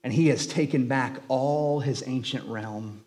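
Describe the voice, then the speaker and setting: Man reading as a calm kindly old wizard, soft measured voice, sermon read-aloud. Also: mid-range voice, lightly acted.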